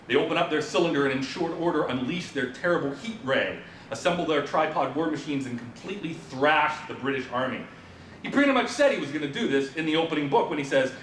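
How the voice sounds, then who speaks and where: A man giving an informal conference presentation, talking the audience through a story and asking them questions. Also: a bit bright. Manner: informal lecturing with fillers, asks the audience questions. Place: presentation room at a symposium. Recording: roomy, from a distant mic, faint rumble.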